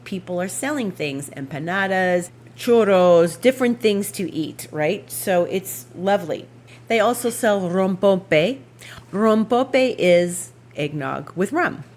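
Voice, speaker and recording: A woman's voice: lowish voice, slow. Chatty woman host telling a story. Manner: chatty, animated, laughs through the story; rambling with frequent restarts and asides. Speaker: astrology podcast host. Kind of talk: casual anecdotal storytelling.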